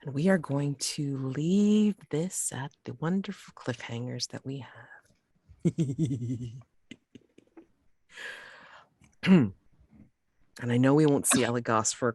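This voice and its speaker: Slow, very low-voiced woman game master. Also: a little mellow, husky, no room sound. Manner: slow, hesitant narration with many restarts. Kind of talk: narrating a tabletop game.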